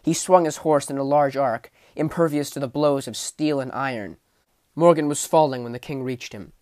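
A man reading a fantasy novel aloud as an audiobook, telling the story vividly, rising in the battle scenes and sinking low for menace. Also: normal speed, darkish tone, no room sound. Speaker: audiobook narrator. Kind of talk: dramatic audiobook narration.

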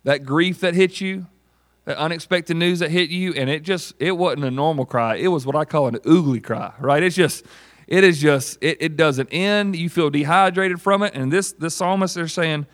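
A man delivers a sermon in a relaxed, conversational way. His voice sits a little higher than most men's, and he acts out the people and prayers he quotes. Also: moderate pace. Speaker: pastor.

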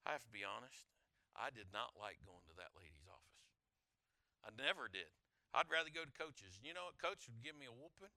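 A middle-aged man preaching a sermon, telling a personal story, swinging from loud storytelling to hushed intensity. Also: lowish voice, animated, a little fast, vocal fry, dry recording. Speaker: pastor.

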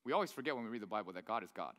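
A male pastor, around his thirties, preaching in a lively, conversational way with many rhetorical questions. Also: lowish voice, very fast. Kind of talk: sermon. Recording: long reverb of a large hall.

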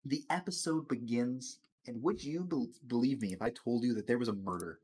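A man's voice: medium pitch, a little fast, a little mellow, slightly rough. A man hosting a casual chat, rambling and swearing through a TV episode recap, stumbling over words and laughing.

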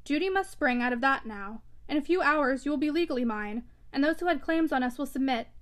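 A woman's voice: high voice, lively intonation, brisk. A woman reading the part of a frustrated, impassioned young man in a novel, her delivery urgent and insistent. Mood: tender.

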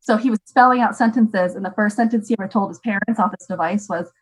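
A young woman talking casually as a parent, chatty and animated with many fillers. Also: mid-range voice, fast, hardly any pauses, husky, low-quality recording. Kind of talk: casual chat.

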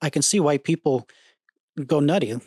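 Lower-voiced woman podcast co-host. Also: normal speed, mellow, breathy edge, no room sound, clean studio sound. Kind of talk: casual chat.

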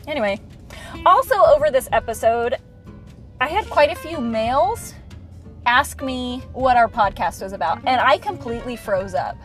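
High, lively, foul-mouthed woman host. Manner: blunt, swears freely, laughs a lot. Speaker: podcast co-host. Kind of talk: casual podcast banter.

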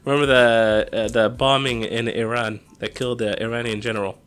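A young man co-hosting a podcast, chatting casually in slangy, excitable talk and laughing often. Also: medium pitch, fairly quick, smooth, soft background music. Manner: animated, slangy, laughs a lot. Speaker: podcast co-host. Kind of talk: casual chat.

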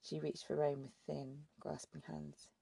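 A woman narrating an audiobook in a steady, measured way. Her voice is gravelly and husky, dark in tone, with a flat, even line. The sound is dry and close. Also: low-pitched, no echo. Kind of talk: scripted narration.

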